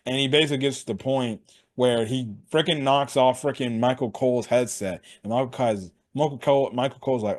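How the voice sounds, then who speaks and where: Excitable, foul-mouthed young man recapping. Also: mid-range voice, a little fast. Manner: excitable, heavy swearing, slangy. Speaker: wrestling show reviewer. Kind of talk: casual sports recap.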